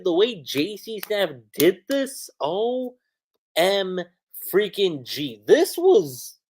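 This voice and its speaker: A man reviewing an anime episode on a livestream, recapping scenes in an excitable, slangy way. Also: sits high.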